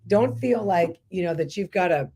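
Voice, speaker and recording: A woman's voice: on the low side, expressive, moderate pace, mellow, husky. A woman co-hosting a casual Christian talk stream, speaking earnestly and addressing viewers directly with encouragement.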